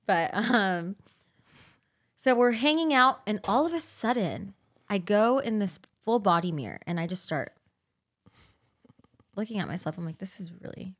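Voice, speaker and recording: Animated young woman telling a story. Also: medium pitch, unhurried, pauses often. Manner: animated, acts out quotes with big swings in loudness. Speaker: podcast co-host. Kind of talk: casual storytelling chat.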